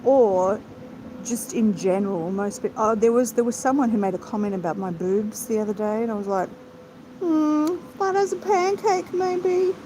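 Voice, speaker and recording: A woman's voice: mid-range voice, steady tone. Chatty woman in a car. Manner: chatty, rambling, quick asides to viewers. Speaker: vlogger. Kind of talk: casual live chat while travelling. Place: inside a moving car. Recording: road noise from the car. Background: vehicle noise.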